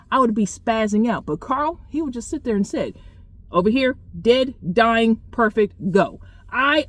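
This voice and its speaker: A woman telling a story in a casual vlog, animated and blunt, swearing freely and talking straight to her viewers. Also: a little high, no room sound. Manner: chatty, talks straight to viewers. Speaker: car owner vlogger.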